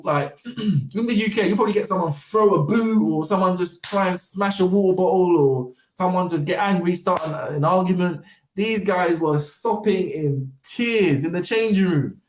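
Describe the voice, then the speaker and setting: A man's voice: sits high, normal speed, far from the mic, soft background music. A man talking in a casual, rambling monologue, full of fillers and repeated words. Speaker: vlogger. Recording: roomy, voice off-mic.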